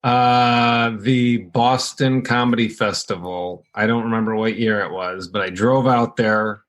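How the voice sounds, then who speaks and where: A man's voice: lowish voice, measured pace, a bit bright. A man who is a guest comedian on a podcast, telling rambling, self-deprecating stories in casual chat.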